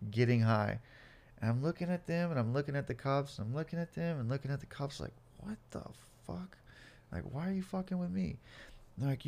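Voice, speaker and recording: With a smooth, medium-pitched voice, a man in his late twenties or older relates his life story in a casual interview. He is profane and animated, acting out the cops and himself.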